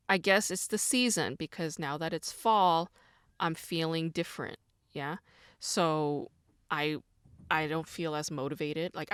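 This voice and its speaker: A young woman hosts her podcast alone, talking in a loose, rambling way full of fillers and asides. Her voice sits on the low side and is recorded close and dry, with no room sound. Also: fairly bright tone, no echo. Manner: rambling, chatty, lots of fillers. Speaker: podcast host. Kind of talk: casual solo chat.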